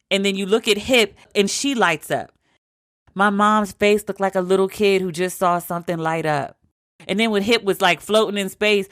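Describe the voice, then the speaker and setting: A woman in her forties hosting her podcast alone, telling stories in an animated, emphatic way with lots of repetition. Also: medium pitch, no room sound, clean studio sound. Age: 40s. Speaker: podcast host. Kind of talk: casual solo podcast talk.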